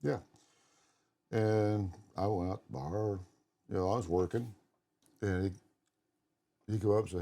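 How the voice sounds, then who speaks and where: A man's voice: on the low side, fairly even intonation, unhurried, long pauses, warm tone. A middle-aged man co-hosting a podcast, telling long personal stories in a blunt, casual way and swearing freely. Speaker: podcast co-host. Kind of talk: casual conversation.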